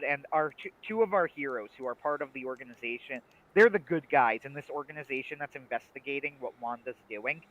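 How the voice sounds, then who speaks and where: A man with a bright, forceful voice talks casually on a livestream and argues his opinions with plenty of emphasis. His voice comes through on dull, lo-fi audio. He sounds like a regular co-host holding forth. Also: a little high, no room sound. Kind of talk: casual chat.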